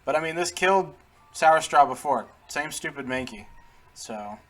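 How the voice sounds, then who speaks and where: With soft background music, a gaming host in a casual let's-play talks to the characters, chats freely, and laughs often. His voice is a little high, animated, and fairly bright, at a moderate pace.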